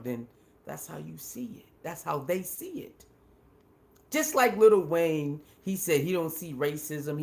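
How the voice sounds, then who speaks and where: Emphatic, slangy man with a higher voice. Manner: emphatic and rhetorical, often repeating phrases; slangy and informal. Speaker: commentary channel host. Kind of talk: casual opinion commentary.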